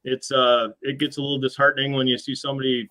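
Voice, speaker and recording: A man's voice: mid-range voice, little pitch movement, fast talker, bright, forceful tone, poor audio. A middle-aged American man, a machine shop owner, talking earnestly and hesitantly as an interview guest. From USA. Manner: earnest, hesitant with frequent restarts. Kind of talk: casual interview chat.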